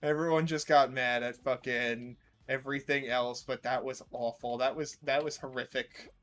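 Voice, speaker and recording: Rambling, bright-voiced gaming streamer guy. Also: mid-range voice, steady tone, normal speed. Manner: rambling, joking, swears freely. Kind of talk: casual gameplay commentary. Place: New York.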